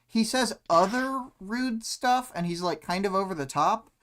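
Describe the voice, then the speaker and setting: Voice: medium pitch, expressive, measured pace, a bit bright. A young adult co-hosting a casual podcast chat, speaking hesitantly and rambling with many "like"s. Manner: hesitant, rambling, heavy use of "like". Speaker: podcast co-host. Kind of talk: casual discussion of a web serial.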